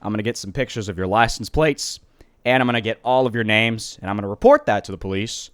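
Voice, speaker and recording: A man's voice: fairly low pitch, animated, fast, smooth, dry recording, clean studio sound, pitched below the performer's own voice, close to an everyday voice. A man voicing a stern, threatening property owner. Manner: threatening, lecturing. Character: stern irritated male sand mine owner.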